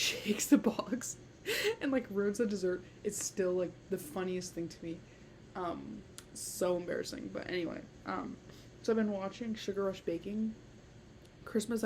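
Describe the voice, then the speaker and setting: A woman's voice: mid-range voice, mellow, slight background noise. A teenage girl hosting her own podcast, chatting casually and rambling with lots of "like" and frequent laughter. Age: late teens. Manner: rambling, heavy use of "like", giggly. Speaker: podcast host. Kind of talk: casual solo podcast chat.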